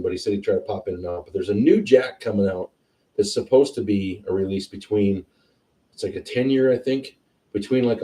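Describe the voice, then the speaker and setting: A man hosting a whiskey tasting livestream, chatting casually and excitedly as he tastes. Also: fairly low pitch, recorded from a distance. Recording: roomy sound, a bit off-mic.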